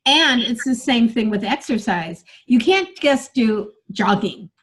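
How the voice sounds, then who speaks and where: A woman's voice: on the high side, lively intonation, a little slow, a bit bright, husky. A woman teaching a live online workshop as a speaking coach, upbeat and encouraging, chatting with her students by name over a video call.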